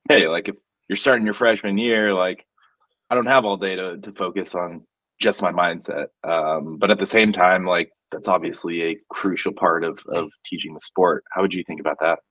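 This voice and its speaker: A low-voiced man asks a long, searching question as a podcast host, working it out as he goes. He sits a little back from the mic in a dry room. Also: steady tone, normal speed, a bit bright, no room sound, far from the mic, poor audio. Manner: thinking aloud, rambling questions. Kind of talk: interview questions.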